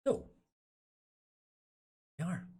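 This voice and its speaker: A man's voice: drawn-out words, warm tone. A man casually commentating a sim race from home, chatty and rambling, a bit tipsy. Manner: chatty, rambling, restarts and jokes. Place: home room.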